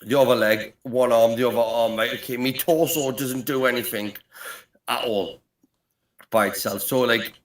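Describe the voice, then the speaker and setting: A man's voice: medium pitch, steady tone, moderate pace. A middle-aged man from Newcastle with a Geordie accent, bantering on a call and rambling with "right, okay?" and "mate" after every phrase. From Britain, Newcastle. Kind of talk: joking banter. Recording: echoey room with faint ambient noise.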